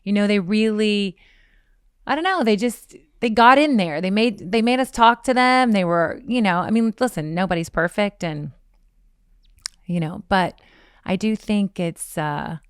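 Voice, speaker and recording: Smooth-voiced woman telling lively stories. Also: mid-range voice, unhurried, no room sound, clean studio sound. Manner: animated storytelling, acting out quotes. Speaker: podcast guest. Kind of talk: casual chat.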